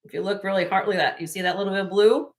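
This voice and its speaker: A woman's voice: medium pitch, fairly even intonation, racing. A woman hosting a live online jewelry sale, chatting in a salesy way and talking straight to buyers by name. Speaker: host selling jewelry on a live stream.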